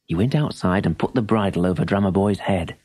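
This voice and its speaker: A man narrating a children's story in an expressive, animated storytelling manner. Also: low voice, brisk. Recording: story tape with music.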